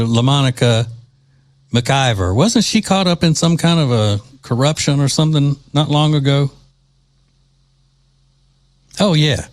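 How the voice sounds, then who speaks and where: A man from Louisiana hosting a political talk show, delivering mocking, indignant commentary. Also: fairly high pitch.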